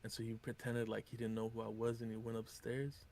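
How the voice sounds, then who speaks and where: A man of ordinary pitch tells a long story on his stream in a loose, rambling way. He swears constantly and switches into the voices of the people in the tale. A faint noise sits behind him. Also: monotone, brisk, vocal fry, darkish tone. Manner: profane, rambling, acts out quotes. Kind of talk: casual storytelling on a live stream.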